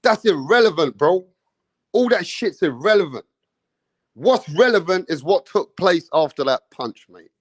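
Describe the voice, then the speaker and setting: A man's voice: high-pitched, expressive, unhurried, no room sound. A man giving an angry, mocking, profane rant about a boxing match, full of slang. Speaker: boxing commentator.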